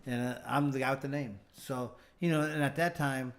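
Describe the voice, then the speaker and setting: At a moderate pace and with fairly even intonation in a mid-range voice, a middle-aged man shares long stories in a casual interview. A former fighter who became a bail bondsman, he rambles, restarts, and acts out quoted lines.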